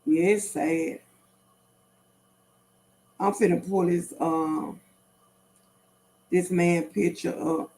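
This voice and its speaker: A woman's voice: lowish voice, steady tone, drawn-out words, pauses often, mellow. A middle-aged woman hosting a casual livestream, talking straight to her viewers in a repetitive, emphatic way. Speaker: livestream host.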